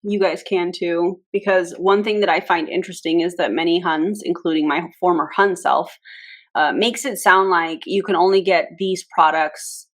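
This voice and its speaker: A woman's voice: fairly low pitch, fairly even intonation, moderate pace. A woman reacting to her own old videos in casual commentary, full of wry, sarcastic asides.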